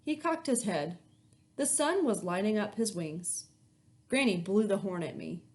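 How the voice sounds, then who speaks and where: A woman teacher reading a children's novel aloud to her class, with expressive storytelling. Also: mid-range voice, measured pace. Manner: expressive storytelling, lively intonation.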